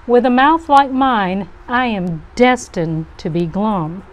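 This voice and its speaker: A woman's voice: mid-range voice, takes it slowly, a little hiss or hum, lightly acted. A woman reading as a glum pouting fish. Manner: mopey sing-song rhyming. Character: gloomy pouting male fish.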